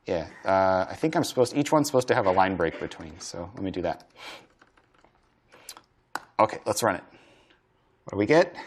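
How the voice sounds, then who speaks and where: A man's voice: low-pitched, expressive, moderate pace, long pauses, a little hiss or hum. Casual man lecturing while live coding. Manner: thinking aloud, casual with many fillers and restarts. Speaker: university programming lecturer.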